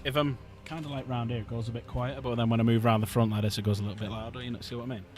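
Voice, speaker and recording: A man streams his miniature painting and chats loosely to a friend, swearing now and then. His voice sits at an ordinary middle pitch. Music plays clearly underneath him. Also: steady tone, racing, a little mellow. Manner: chatty, loose, swears casually. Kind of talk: casual livestream chat. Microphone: desk streaming mic.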